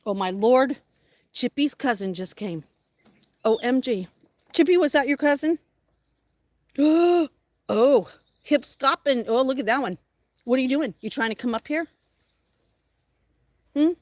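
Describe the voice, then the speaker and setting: A woman vlogging outdoors, excitedly calling and cheering at a squirrel, then dropping to mutters. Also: high voice, measured pace, long pauses, dry recording. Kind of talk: casual outdoor vlog. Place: outdoors, yard near a hill road.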